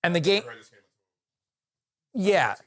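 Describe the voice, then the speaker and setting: A man co-hosting a podcast, telling stories in casual chat, animated and laughing often, with frequent restarts. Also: high voice, very slow. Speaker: podcast co-host. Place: podcast recording room.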